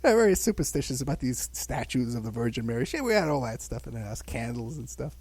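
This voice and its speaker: An older man with a husky, grainy voice tells stories from his childhood. His pitch sits right in the middle for a man. He rambles along in a casual podcast chat, chuckling and scattering "you know" everywhere. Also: sing-song, fast talker, darkish tone, dry recording. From the Bronx, New York. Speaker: guest recounting his childhood.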